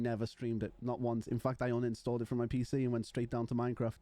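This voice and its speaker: A man's voice: medium pitch, monotone, fast talker, hardly any pauses, dark tone, dry recording. Bantering young male streamer, dry mic. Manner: playful, joking banter with chat. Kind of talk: casual live-stream chat.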